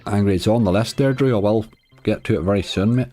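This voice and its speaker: Male streamer, very low voice, easygoing chat with viewers, soft slot music behind. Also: fast. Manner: chatty, answers viewers' chat comments. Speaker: slots streamer. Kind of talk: casual livestream chat.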